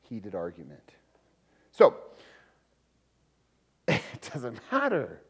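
A man preaching a sermon in a lively, conversational way, with laughs and sudden loud emphasis. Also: on the low side, drawn-out words, gravelly, slightly rough. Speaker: pastor.

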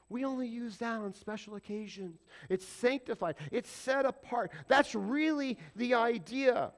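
A man preaching a sermon as pastor, animated and conversational, often putting questions to the congregation. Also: very high-pitched, a little slow, few pauses.

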